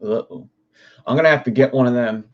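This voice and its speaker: A man's voice: medium pitch, brisk, lo-fi sound. Rambling young man on a livestream. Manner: rambling, swears freely, talks to chat. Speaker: livestream host. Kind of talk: casual livestream chat.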